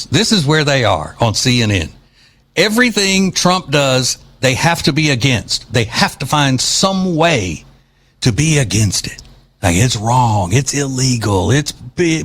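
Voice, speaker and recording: A man's voice: mid-range voice, sing-song, unhurried, fairly bright tone. A man hosting an opinion podcast, talking in a sarcastic, mocking way. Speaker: podcast host. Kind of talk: opinion commentary.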